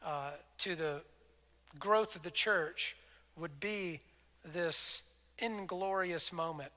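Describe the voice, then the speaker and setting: Man, pastor, sermon, high voice, very bright, conversational, soft intimate drops, long hall reverb. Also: a little slow. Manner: conversational, acts out scripture dialogue, drops to soft intimate tones.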